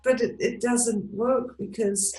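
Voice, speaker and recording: A woman's voice: on the high side, steady tone, a little slow, a little mellow, echoey room, soft background music, low-quality recording. A woman in casual chat, supportive and agreeable, murmuring along as she listens. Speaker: podcast co-host.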